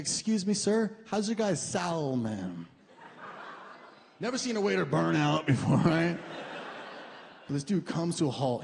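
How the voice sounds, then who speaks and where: A young man doing a stand-up comedy set, animated and mocking, with loud comic outbursts and put-on voices. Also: on the high side, gravelly. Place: comedy club stage with a laughing audience. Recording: long hall reverb, faint room noise.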